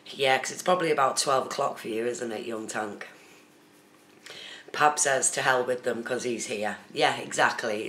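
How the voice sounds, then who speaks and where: A casual phone live stream where the host chats with viewers, calling them out by name from the chat. Their voice sits in the mid range with a sharp edge and moves at a normal speed. It's captured on the phone's camera mic, so the room sounds spacious and there's a faint hum of background noise.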